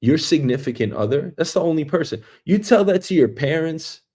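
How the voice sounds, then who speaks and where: A man from Queens, hosting a show and telling a meandering comic story, swinging between loud bursts and quiet asides. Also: on the high side, expressive, a little fast. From Queens, New York, US. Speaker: show host. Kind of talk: rambling comic monologue. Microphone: streaming mic.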